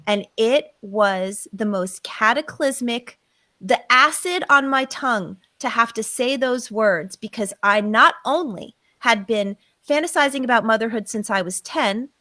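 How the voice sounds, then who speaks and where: A woman's voice: a little high, pushed and bright, no room sound. A middle-aged woman, a psychotherapist, telling her own story emphatically on a podcast and acting out her inner voices. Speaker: psychotherapist guest.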